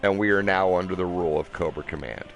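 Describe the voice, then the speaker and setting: A young man with a low, deep voice delivers a heated, profane rant, preachy and pissed off. He talks from his car, with faint music playing behind him. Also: fast, dull audio. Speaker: vlogger. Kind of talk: angry ranting monologue. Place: in a car at a drive-through.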